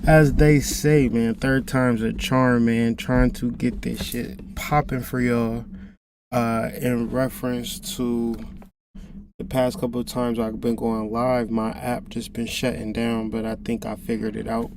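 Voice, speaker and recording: A laid-back man chats casually while hosting his own livestream. His slangy talk stays flat and even, at a middle pitch. A steady noisy hum sits behind the voice. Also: unhurried. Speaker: livestream host.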